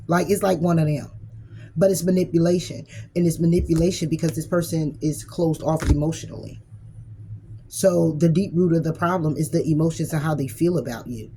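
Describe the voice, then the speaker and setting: Mellow-voiced woman giving blunt tarot reading. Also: low voice, steady tone, brisk, slight background noise, poor audio. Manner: blunt, casual, swears freely; acts out imagined arguments. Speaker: tarot reader.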